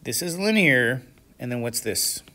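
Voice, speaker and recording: A man teaching a classroom lecture who keeps asking the class questions to check they follow, with sudden animated exclamations. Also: medium pitch, a little slow. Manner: asks the class frequent questions, checking understanding. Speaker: math instructor.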